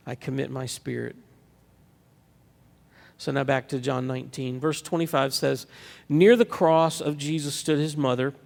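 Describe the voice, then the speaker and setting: Gravelly-voiced pastor preaching in a reverberant hall. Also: male voice, mid-range voice. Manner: conversational preaching with frequent restarts and fillers. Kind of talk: sermon. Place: church sanctuary.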